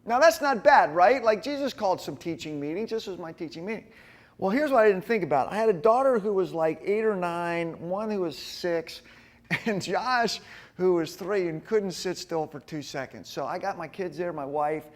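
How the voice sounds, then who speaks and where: A middle-aged man giving a sermon-style talk to a men's gathering, telling personal stories in a folksy, animated way. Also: sits high, moderate pace. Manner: folksy, animated storytelling with frequent asides to the group. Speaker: speaker at a men's ministry gathering.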